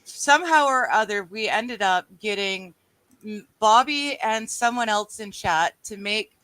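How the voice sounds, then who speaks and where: Bright-voiced female co-host, quick to laugh, dry close sound. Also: mid-range voice, animated, no echo, poor audio. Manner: laughs easily, chimes in with short agreements. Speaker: livestream co-host. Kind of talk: casual chat.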